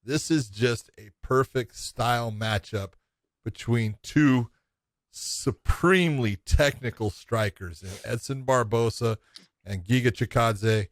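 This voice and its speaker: A man's voice: medium pitch, slow, no echo, clean studio sound. A middle-aged man co-hosting a casual podcast about fighting, talking with enthusiasm, repeating himself and swearing casually. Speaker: podcast co-host. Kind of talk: casual MMA podcast chat.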